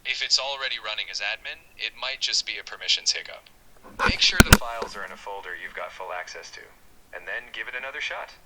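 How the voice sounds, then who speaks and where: A man's synthetic voice acting as an AI assistant, calm and reassuring. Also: fairly low pitch, quick pace, background noise.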